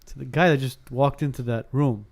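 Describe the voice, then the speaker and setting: On a laid-back podcast, a man in his thirties spins a ghost story in a medium-pitched, fairly quick voice. He brings the dialogue to life animatedly, though his sentences often get restarted.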